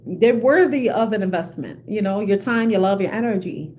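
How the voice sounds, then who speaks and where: A woman's voice: medium pitch, normal speed, hardly any pauses, darkish tone, slight background noise. A woman giving a casual tarot reading to her viewers, chatty and laughing often, with many "you know"s. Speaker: tarot reader.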